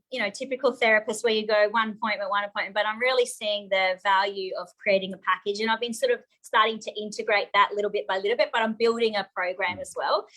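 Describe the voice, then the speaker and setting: A woman's voice: medium pitch, bright, forceful tone, rough recording. A woman, a therapist telling her personal story openly and emotionally as a guest in a live interview. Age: 40s.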